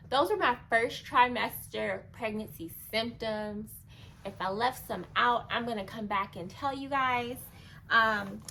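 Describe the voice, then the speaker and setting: A young woman vlogging casually to camera, chatty and animated, acting out past moments in a higher voice. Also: a little hiss or hum, poor audio.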